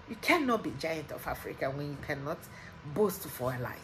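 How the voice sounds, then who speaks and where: A woman's voice: on the low side, slight background noise, rough recording. Heated Nigerian woman ranting. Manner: heated, repetitive, emphatic. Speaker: vlogger. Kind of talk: impassioned political rant.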